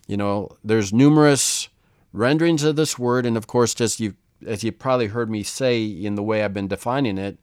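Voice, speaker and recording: A man teaching the Bible in a relaxed, conversational way, often checking in with "right?". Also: fairly low pitch, moderate pace, clear, resonant tone, no echo, clean studio sound.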